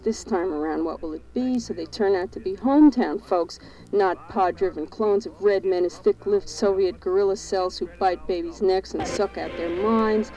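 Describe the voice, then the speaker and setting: A woman's voice: medium pitch, moderate pace, mellow, low-quality recording. A woman performing spoken-word poetry, declaiming in a rhythmic, chanting cadence through long lists. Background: music.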